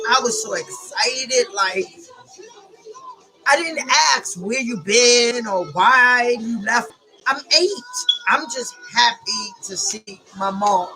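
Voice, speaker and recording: Slow, bright-voiced woman telling a personal story. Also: a little high, poor audio. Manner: halting, emotional, repeats herself.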